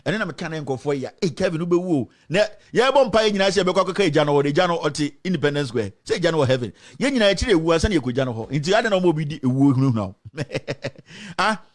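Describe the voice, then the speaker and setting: A man's voice: fairly high pitch, animated, fast. A man with a Ghanaian accent delivering an impassioned political rant, firing off rhetorical questions and switching between languages. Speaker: political commentator.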